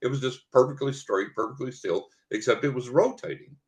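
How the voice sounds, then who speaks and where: An older man from West Texas, a podcast guest telling a personal story in a lively way. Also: medium pitch, fairly quick, crowd noise. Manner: animated storyteller who acts out what people said.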